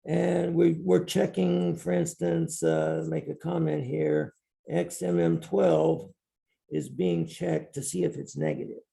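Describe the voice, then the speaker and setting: A man's voice: on the high side, fairly even intonation, slow pace, gravelly, warm tone. A male professor giving a university lecture in a classroom, explaining step by step and repeating key terms.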